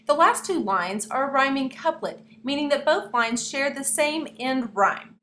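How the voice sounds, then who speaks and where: A young woman teaches her class in a playful manner and keeps speaking straight to the students. Her voice sits a little high. The recording has the echo of a room and a faint hiss behind it. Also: lively intonation, unhurried, sharp tone. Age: young adult. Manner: playful, addresses students directly. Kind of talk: classroom lesson narration.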